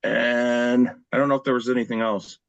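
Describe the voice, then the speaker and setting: A man's voice: medium pitch, flat delivery, moderate pace, vocal fry, no echo, lo-fi sound. A man joining a racing podcast remotely in casual chat. He talks in an easygoing, hesitant way.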